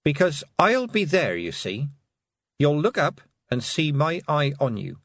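Male narrator playing a steely young witch girl: calm, measured, quietly threatening. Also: a little high, no echo, voice pushed up, exaggerated voice.

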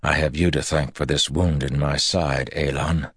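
A man reading a wounded swordsman with a very deep, dark voice, grim and measured. The reading is slow and dry, with no room around it. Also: fairly even intonation, breathy edge, no room sound, heavily acted. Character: battle-worn male swordsman, grim and defiant.

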